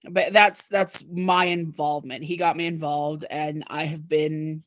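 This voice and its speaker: A man from Utah talking in a casual chat, rambling and relaxed with fillers. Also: on the high side, a little slow, dry recording.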